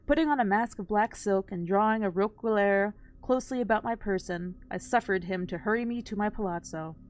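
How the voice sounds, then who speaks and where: A woman reading an old story aloud on a live stream, at an ordinary, mid-range pitch. She reads plainly and now and then stumbles over hard words, shrugging them off with casual asides. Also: fairly quick.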